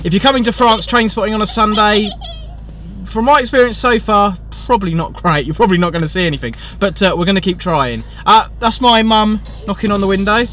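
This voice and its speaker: A man's voice: high voice, brisk, fairly bright tone. A man chatting casually in a vlog, in a self-deprecating way, from a car and by the roadside. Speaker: vlogger. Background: music.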